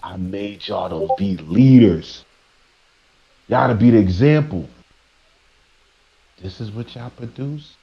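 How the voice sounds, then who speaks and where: A man's voice: on the low side, slow, vocal fry, pauses often, muffled recording. A man voicing a stern male God who scolds his chosen people in a disappointed tone. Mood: scolding.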